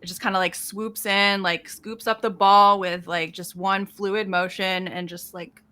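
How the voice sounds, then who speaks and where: A woman's voice: mid-range voice, level tone, measured pace, pushed and bright, clean tone. A woman player describing her character's moves in a tabletop game, rambling with many fillers and laughs. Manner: rambling, laughs often, lots of "like".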